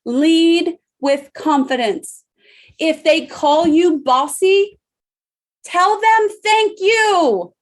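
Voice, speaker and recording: Earnest, slow-speaking woman with high pitch. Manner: earnest and emphatic, with dramatic pauses. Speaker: leadership speaker. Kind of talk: motivational talk to an online audience.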